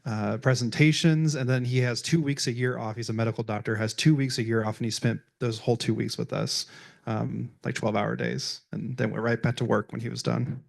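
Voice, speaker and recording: A man's voice: medium pitch, steady tone, fairly quick, vocal fry. A man on a panel introducing a colleague, speaking with appreciation and some fillers. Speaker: mission team member.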